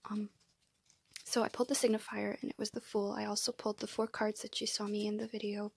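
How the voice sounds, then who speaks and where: A woman's voice: medium pitch, level tone, fast, gravelly, husky, no room sound. A woman doing a casual tarot reading at home, chatty and rambling, with frequent restarts and asides. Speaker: tarot reader and psychic channeler. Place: room at home.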